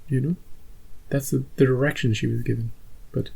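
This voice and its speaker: A man's voice: medium pitch, steady tone, moderate pace, gravelly, darkish tone, husky, poor audio. A man hosting a reaction channel, chatting casually and rambling through an episode recap with many restarts. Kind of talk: casual post-episode chat.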